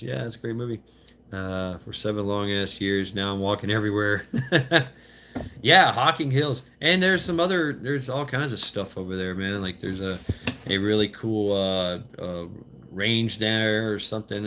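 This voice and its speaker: A man in his fifties with a lowish, sharp-toned voice rambles casually on an outdoor walk while reading and answering viewer chat as a vlogger. He's loose and profane, halting often with many fillers and restarts, and there's a little hiss or hum.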